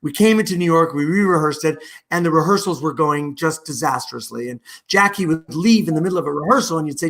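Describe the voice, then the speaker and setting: Speaking fairly quickly in a fairly high voice, this middle-aged stage actor rambles through stories as an interview guest over video call. He's lively and animated, restarting often.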